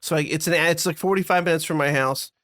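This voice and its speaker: Man, podcast co-host, rambling storyteller, self-deprecating, slightly high voice, dry recording. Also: steady tone, fast, fairly bright tone, no room sound. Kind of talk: casual podcast chat.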